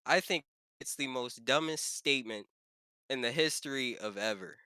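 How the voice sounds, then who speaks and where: A man's voice: medium pitch, normal speed, sharp tone, smooth, no room sound, clean studio sound. A young man from Baltimore, co-hosting a podcast in casual chat, rambling with restarts. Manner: rambling, restarts, laughs often. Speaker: podcast co-host.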